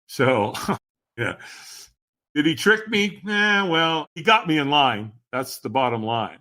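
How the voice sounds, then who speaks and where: Animated, bright-voiced male storyteller. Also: on the high side, slow pace. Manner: lively, dramatic, keeps addressing the host. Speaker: podcast guest.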